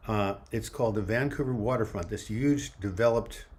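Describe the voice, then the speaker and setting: A man's voice: lowish voice, moderate pace, a little mellow. A man in his seventies hosting a casual livestream outdoors, rambling as he reads viewer comments aloud into a phone held in one hand. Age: 70s. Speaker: livestream host. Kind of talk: casual livestream chat answering viewer questions. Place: outdoors by a river waterfront.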